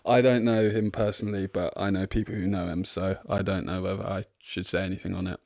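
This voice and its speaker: A man's voice: sits low, level tone, fairly quick, a little mellow, no room sound. A man from England co-hosting a football podcast, chatting casually and rambling with frequent laughs, recorded in his front room. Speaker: podcast co-host.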